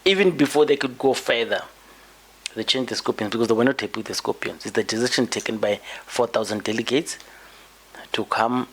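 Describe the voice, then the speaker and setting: A man's voice: mid-range voice, brisk, fairly bright tone, slightly rough. A man hosting a podcast, delivering an emphatic political commentary monologue and often repeating words as he builds his point. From South Africa. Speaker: podcast host.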